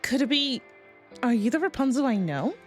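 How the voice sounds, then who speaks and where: A woman's voice: on the high side, very animated, moderate pace, soft background music, voice pushed up. A woman voicing an impatient, busy female researcher in a game story, read aloud during a stream. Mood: curious.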